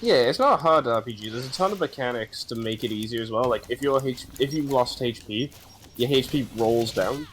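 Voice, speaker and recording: A man's voice: mid-range voice, brisk, a bit bright, slight background noise. A man hosting a game stream, chatting casually and explaining game mechanics at length. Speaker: gaming streamer host. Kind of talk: casual gaming chat.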